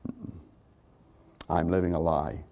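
A man's voice: mid-range voice, expressive, moderate pace, vocal fry, mellow. A male pastor preaching a conversational sermon to his congregation, repeating phrases for emphasis.

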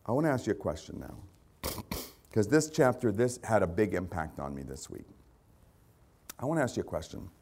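A man's voice: fairly low pitch, very animated, normal speed, long pauses, darkish tone, breathy edge. A male pastor preaching a sermon, hammering points with repeated rhetorical questions. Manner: repetitive rhetorical questions, emphatic.

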